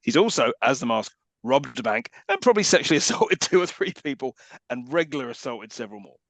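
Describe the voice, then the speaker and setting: A man's voice: medium pitch, quick pace, vocal fry, no room sound. A man co-hosting a podcast, cracking sarcastic jokes about a film. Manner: sarcastic, jokey, animated. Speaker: podcast co-host. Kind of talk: casual film recap chat.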